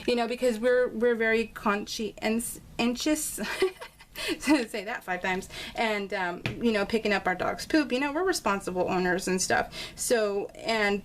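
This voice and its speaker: Giggly, animated woman telling a story. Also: on the high side, a little slow. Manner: giggly, animated, acts out quotes. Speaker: crafting vlogger. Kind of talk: casual storytelling voice-over.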